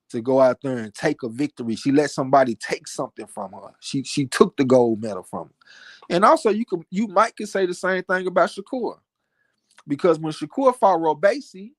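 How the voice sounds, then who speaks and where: A man co-hosting a casual live-stream talk show, animated and profane, often repeating words as he gets worked up. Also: on the high side, no echo, studio quality. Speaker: podcast co-host. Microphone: home mic on live stream, cutting out.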